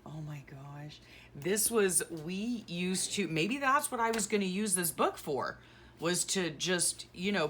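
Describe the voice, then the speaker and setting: Middle-aged woman vlogger, low-pitched, sentimental and chatty, faint hiss behind her. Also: fairly bright tone. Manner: sentimental, gushing exclamations; rambling, self-correcting asides. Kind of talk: casual chat while packing.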